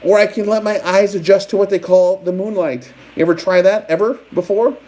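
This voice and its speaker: Man taunting with rapid rhetorical questions. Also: high-pitched, steady tone, mellow, low-quality recording. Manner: mock-taunting, fires rhetorical questions at the audience. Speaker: livestream host. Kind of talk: rambling live-stream rant.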